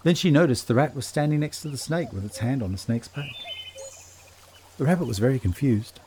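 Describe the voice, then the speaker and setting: A man narrating a children's story in a gentle, measured storytelling voice. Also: medium pitch, animated, a little hiss or hum.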